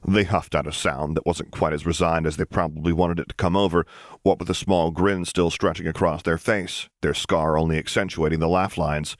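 A man reading fan fiction aloud as an audiobook, narrating in a calm, even storytelling manner. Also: sits low, brisk, no room sound, studio quality. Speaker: audiobook reader.

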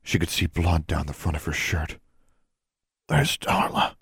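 A man with a deep, husky voice reads a fantasy audiobook in a steady, measured way. The recording is dry and close, with no room sound around him. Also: dry recording. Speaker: narrator. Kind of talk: audiobook narration.

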